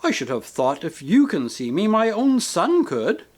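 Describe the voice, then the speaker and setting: A man voicing a grieving woman ghost, a possessive mother who talks in a sharp, demanding, indignant way, for a storybook reading. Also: high voice, huge pitch swings, a little slow, pitched above the performer's own voice, heavily acted. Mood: sharp, impatient. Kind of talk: audiobook character reading.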